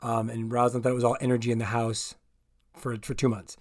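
A man's voice: medium pitch, completely flat delivery, fast talker. A man co-hosting a podcast, chatting casually and teasingly interjecting. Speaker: podcast co-host. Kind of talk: casual chat.

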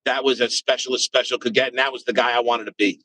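A man's voice: medium pitch, steady tone, fast talker, pushed and bright. A man who works as a basketball radio analyst, answering podcast questions emphatically and thinking aloud. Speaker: NBA radio analyst, guest.

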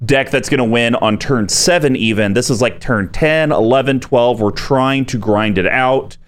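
A man in a casual conversation lays out a plan in order, one idea after another. He sounds relaxed and easygoing, with a middle-pitched voice. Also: normal speed. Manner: relaxed, explains strategy step by step. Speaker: podcast co-host. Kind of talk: casual chat explaining deck strategy.

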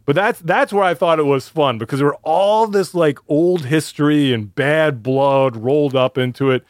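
A man co-hosting a casual podcast chat tells a story with lots of energy at a moderate pace, recorded with clean studio sound and no echo. When quoting people he jumps into their voices, acting out the quotes with raised pitch.

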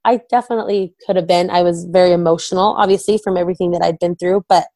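A woman's voice: fairly low pitch, steady tone, fast talker, dark tone, dry recording. A young woman candidly telling an emotional personal story, often quoting herself and her husband. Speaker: guest, wife of a recovering addict.

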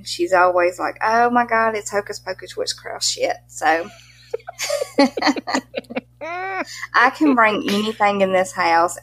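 In a somewhat bright, mid-range voice against slight background noise, a middle-aged Mississippi woman guests on an interview about her pet content. She laughs a lot, speaks with a strong Southern accent, and uses folksy country phrasing.

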